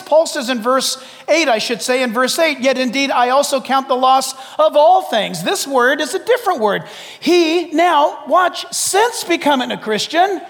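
A male pastor delivering an emphatic, animated sermon, swinging from loud insistence down to quiet intensity. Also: very high voice, long reverb tail.

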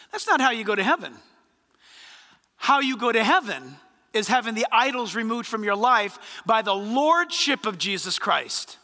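A male pastor preaches in a church and keeps firing rhetorical questions at the congregation. His voice is very high and bright, and it swoops up and down with energy. The long echo of a large hall rings behind him. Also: very animated, normal speed. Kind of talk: sermon. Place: church sanctuary.

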